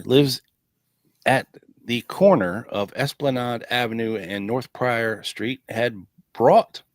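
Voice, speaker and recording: A man's voice: medium pitch, no echo. Wry man reading old files aloud. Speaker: podcast host. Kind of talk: casual chat, reading documents aloud.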